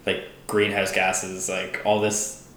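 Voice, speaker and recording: A man's voice: low-pitched, monotone, slow, a bit bright, reverberant. A man in his twenties from Ireland with an Irish accent, a guest in a casual podcast chat, laid-back and full of "like" fillers and swearing. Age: 20s.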